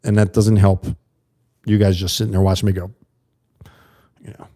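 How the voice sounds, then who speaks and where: Casting: American man, livestream host, low mellow voice, rambling and chatty with viewers. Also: little pitch movement, moderate pace. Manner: rambling, talks to viewers and reads chat. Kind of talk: casual livestream monologue.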